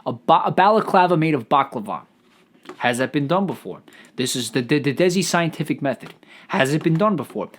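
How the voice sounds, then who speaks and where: A man hosting a solo comedic podcast, riffing out loud in a profane, stammering ramble. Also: fairly high pitch, expressive, fairly quick. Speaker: podcast host.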